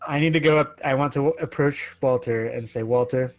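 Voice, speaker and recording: A man's voice: mid-range voice, fairly quick, few pauses. Chatty man playing a tabletop game. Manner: chatty, asks lots of rules questions. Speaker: player. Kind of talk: casual tabletop game chat. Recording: faint music in the background.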